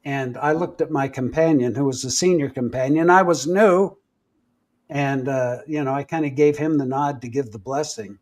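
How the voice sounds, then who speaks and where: A man's voice: medium pitch, moderate pace. A man retelling a personal story in casual live-stream chat, vivid and full of restarts. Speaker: podcast host. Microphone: home live-stream mic.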